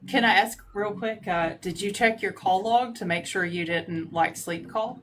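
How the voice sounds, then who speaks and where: A woman's voice: medium pitch, moderate pace, fairly bright tone, a little hiss or hum. A woman hosting a live call-in stream, chatting casually and prompting the caller with brief, easygoing questions. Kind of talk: casual chat.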